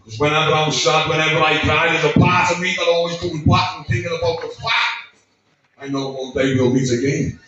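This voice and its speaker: A man's voice: fairly high pitch, steady tone, pushed and bright, slight background noise. Choked-up man, echoey room. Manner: choked up, halting, swears often. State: emotional, close to tears. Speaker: speaker at a memorial birthday gathering. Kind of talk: emotional tribute speech read aloud. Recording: echoey room, distant mic, dull sound.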